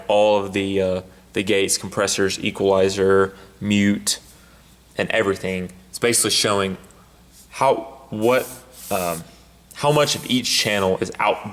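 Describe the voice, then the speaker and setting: Man explaining a mixing desk, halting. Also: fairly low pitch, a bit bright, long reverb tail. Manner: halting, with many fillers and restarts. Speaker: sound technician. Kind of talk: instructional walkthrough. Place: church sound booth.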